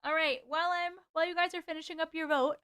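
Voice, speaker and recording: A woman's voice: very high voice, fairly even intonation, quick pace, pushed and bright, no room sound, studio quality. A woman hosting a live stream, chatting casually with viewers, laughing often and swearing now and then, then reading their stories aloud.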